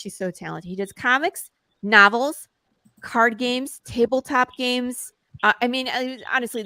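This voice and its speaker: Lively woman telling a story, dry sound. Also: medium pitch, no room sound. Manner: lively storyteller who laughs often and acts out quotes. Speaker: comic creator guest. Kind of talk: casual interview chat.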